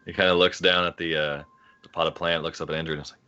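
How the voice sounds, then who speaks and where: A man playing a character in a tabletop game, relaxed and quick to laugh. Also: deep voice, lo-fi sound. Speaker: player. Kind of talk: casual tabletop game chat.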